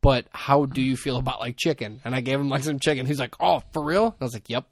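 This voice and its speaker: A man's voice: mid-range voice, fast talker, no room sound, studio quality. A man, hosting a podcast and telling rambling, jokey stories in casual chat. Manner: joking storyteller, rambling asides. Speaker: podcast host.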